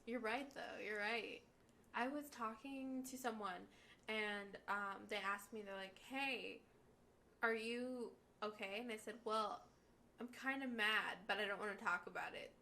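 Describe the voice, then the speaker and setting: Relaxed young woman in casual chat. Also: mid-range voice, slight background noise. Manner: relaxed, quick to laugh, short replies. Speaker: podcast co-host.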